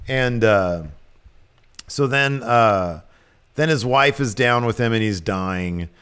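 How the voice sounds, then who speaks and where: A man co-hosting a podcast, chatting casually as he recaps a TV episode and breaks into quick acted quotes. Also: medium pitch, fairly bright tone, clean tone. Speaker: podcast co-host. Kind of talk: casual episode review chat.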